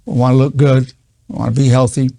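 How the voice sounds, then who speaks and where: A man's voice: mid-range voice, flat delivery, fast, creaky, warm tone, no room sound, clean studio sound. A man in his eighties, a psychologist giving an earnest spoken lesson, repeating key phrases with stammering restarts. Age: 80s.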